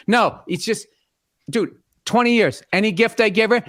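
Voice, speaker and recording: On his podcast, a middle-aged man tells a comic, profane story of exasperation about his wife, his high-pitched voice fairly bright and his pace normal.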